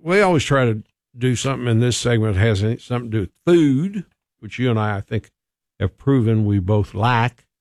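A man's voice: mid-range voice, animated, brisk, a little mellow, no room sound, clean studio sound. A man co-hosting a radio show, chatting casually and reading a food news item with joking asides. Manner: easygoing, chatty, reads news items with asides. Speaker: radio co-host.

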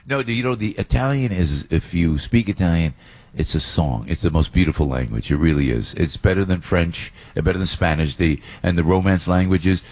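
A man's voice: low-pitched, a little mellow. A man hosting a morning radio talk show, telling stories animatedly and laughing often.

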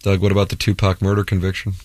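A man's voice: low voice, completely flat delivery, very fast, darkish tone, dry recording. A man hosting a talk radio show, reading listener texts aloud and teasing his co-hosts in casual banter.

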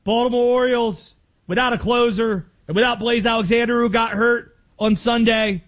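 A man with a high, bright-edged speaking voice hosts sports talk radio from a studio. He rattles off scores and banter with lively energy, throwing in playful bits as he goes. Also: normal speed. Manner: energetic, joking, slips into playful impressions.

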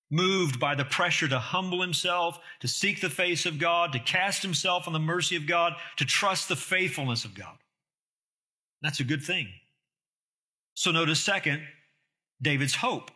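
A man's voice: a little high, pushed and bright. A man preaching an expository sermon, earnest and emphatic, with rhetorical questions to the listeners.

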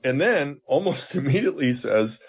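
Husky-voiced man, teacherly guest. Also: medium pitch, very animated, a little fast. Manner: earnest, teacherly, emphatic retelling. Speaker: seminary professor, guest. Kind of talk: explaining scripture in an interview.

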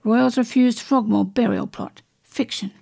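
A woman reading celebrity and royal stories from magazines aloud, in a steady read-aloud manner with brief restarts. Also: a little high, normal speed, creaky, breathy edge. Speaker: news reader.

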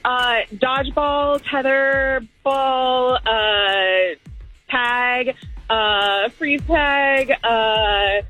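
A woman calling in to a radio contest, chatty and eager, quick to laugh. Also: high voice, fairly even intonation, sharp tone, faint music behind. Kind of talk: phone call-in chat.

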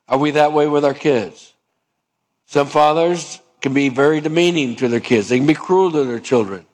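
A man preaching a sermon, asking his listeners questions and dropping low and soft on key points. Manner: acts out both sides of dialogues, rising pitch for the stubborn voice. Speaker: pastor.

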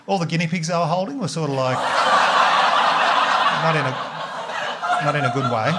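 An Australian man in a stand-up comedy set, with a voice sitting a little high for a man. He tells the story with lively swearing and acts out other people's voices with sudden high leaps. There is a clear layer of noise in the recording. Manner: animated, swearing, acts out quoted voices with big jumps up in pitch.

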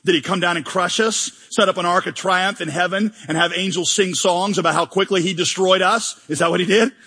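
A man delivers a lively sermon with a bright, high voice that carries a husky edge. He jokes and acts out mock prayers. His voice rings through a large church hall with a long reverb. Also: a little fast. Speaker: pastor.

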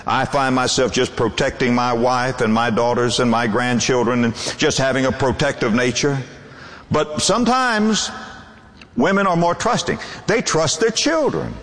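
A man's voice: mid-range voice, normal speed, a bit bright, big-room sound. An older man preaching a sermon, emphatic and repeating key words for stress.

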